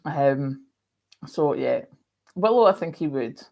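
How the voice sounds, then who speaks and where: A woman's voice: low-pitched, animated, slow pace, vocal fry, highs cut off. A woman hosting a casual live stream, chatting rambly and reading out viewer comments with lots of ums. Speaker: livestream host.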